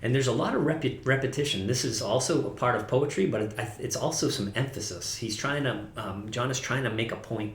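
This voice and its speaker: A man's voice: medium pitch, a little fast, few pauses, echoey room, a little hiss or hum. A man preaching a casual, conversational sermon as pastor, often correcting himself and laughing at his own slips.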